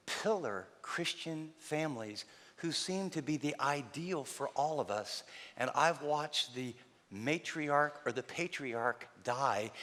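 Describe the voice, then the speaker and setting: Emphatic man preaching in a hall. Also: a little high. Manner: emphatic, dropping to a hush for emphasis. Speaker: pastor. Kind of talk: sermon. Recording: reverberant hall.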